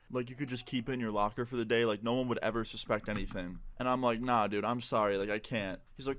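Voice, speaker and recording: A man's voice: mid-range voice, fast, hardly any pauses. A young man telling a casual, rambling personal story while gaming, with lots of "like". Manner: rambling, relaxed, heavy use of "like". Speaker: gaming video narrator. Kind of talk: casual storytime over gameplay.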